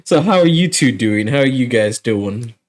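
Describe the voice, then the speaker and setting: A man's voice: medium pitch, expressive, normal speed, very noisy. A man hosting a casual podcast in a mid-range, everyday voice. He is loose and friendly. He stumbles and restarts as he greets his co-hosts. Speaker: podcast host.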